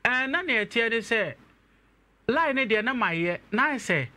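A young man, an interview guest, telling his own story and growing animated as he recounts events. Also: extremely high pitch, unhurried. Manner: animated when retelling events, laughs.

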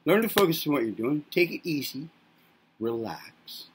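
A man's voice: fairly high pitch, sing-song, moderate pace, a little hiss or hum. A man giving an informal self-help talk, rambling through rhetorical questions with casual swearing. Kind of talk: informal lecturing monologue.

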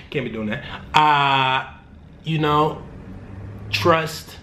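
A man's voice: medium pitch, steady tone, unhurried, long pauses, sharp tone, a little hiss or hum. A young man answering fan questions in a casual vlog, joking and rambling in loose, slangy talk. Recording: roomy room with faint ambience.

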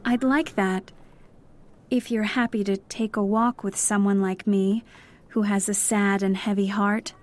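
A woman voicing a lonely young woman in mourning, speaking softly and wistfully in a storybook reading. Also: medium pitch, flat delivery, unhurried, voice pushed up, natural voice. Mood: sorrowful.

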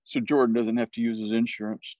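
A man's voice: medium pitch, little pitch movement, a little fast, dry recording, lo-fi sound. A man with a Southern US accent teaching a Bible study, explaining words and often checking in with "right?".

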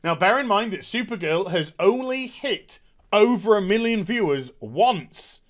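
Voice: mid-range voice, animated, measured pace. A TV review host recapping an episode with sarcasm and open contempt, often stumbling over fillers and restarts and mocking the characters in put-on voices. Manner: frequent filler hesitations and restarts.

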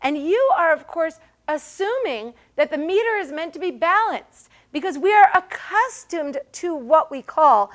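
A woman's voice: very high voice, expressive, measured pace, hardly any pauses. A woman lecturing on biblical poetry to a class. She often checks in with her listeners and stumbles over repeated words and fillers. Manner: explanatory, checks in with "right?" and "okay?". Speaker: Bible teacher. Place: synagogue hall.

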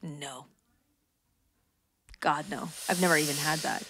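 A woman's voice: deep voice, fairly even intonation, measured pace, a bit bright. A woman co-hosting a podcast in casual chat, playful and teasing, with lots of fillers. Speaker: podcast co-host.

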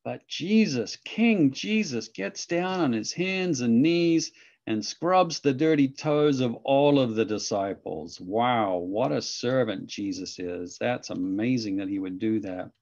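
A man's voice: mid-range voice, slow pace, darkish tone, muffled recording. A man leading an online children's church lesson with enthusiastic, coaxing talk. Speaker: children's ministry teacher.

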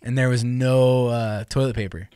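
A podcast host in his twenties shares embarrassing stories in casual chat, laughing often and acting out what people said. His mid-range voice moves at normal speed and sounds clear and resonant, in a dry, studio-quality recording.

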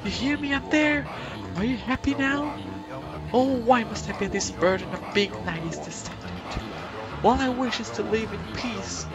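A woman voicing a brooding, reluctant male warrior who laments his fate in a low, gloomy tone. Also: measured pace, highs cut off. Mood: self-pitying. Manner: gloomy, self-pitying lament. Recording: game music playing behind.

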